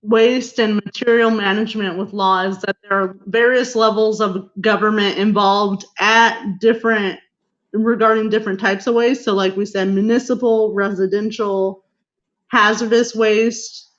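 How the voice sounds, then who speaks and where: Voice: medium pitch, fairly even intonation, moderate pace, a bit bright. A guest speaker presenting a lecture on a video call, explaining steadily with occasional fillers. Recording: muffled video call audio.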